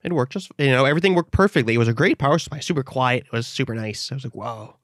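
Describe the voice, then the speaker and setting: A man's voice: medium pitch, very fast, a bit bright, no echo. A man from the Netherlands telling a long story in casual podcast chat, acting out the quoted voices of others.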